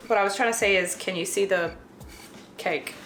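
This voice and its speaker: A woman's voice: medium pitch, normal speed, a bit bright, slight background noise. A Southern-accented woman with a slight lisp rambles and jokes about herself while baking. Her voice sits mid-range and rings around a roomy kitchen, with faint household sounds underneath. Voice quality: slight lisp from a dental flipper. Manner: self-deprecating, jokey, talks to herself. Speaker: vlogger. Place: home kitchen.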